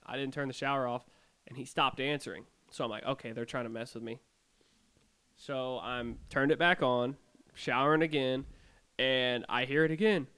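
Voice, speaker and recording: A young man co-hosting a podcast, telling his ghost stories in an animated way with sarcastic jokes. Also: medium pitch, normal speed, smooth. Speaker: podcast co-host.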